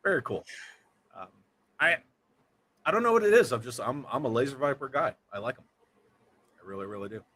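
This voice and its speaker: A man hosts a relaxed livestream. He talks at an everyday middle pitch in a loose, easygoing way. He reads out viewer comments and keeps up a joking back-and-forth with his co-host. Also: brisk, long pauses, breathy edge. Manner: chatty, reads viewer comments aloud and jokes around. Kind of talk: casual livestream chat.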